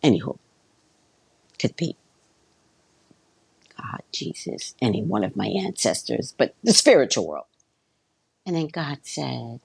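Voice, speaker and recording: A woman with a low, gravelly, husky voice tells a story at an unhurried pace. Her pitch swings widely as she talks, and she swears freely in a blunt, animated way. The sound is dry and close. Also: no echo, low-quality recording. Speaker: vlogger. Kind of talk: casual storytelling monologue.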